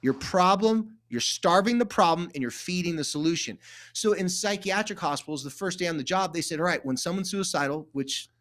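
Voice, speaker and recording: A man's voice: sits high, fairly quick. A middle-aged man, a therapist guest, telling stories in casual conversation and acting out quoted dialogue. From California. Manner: animated, acts out quoted dialogue.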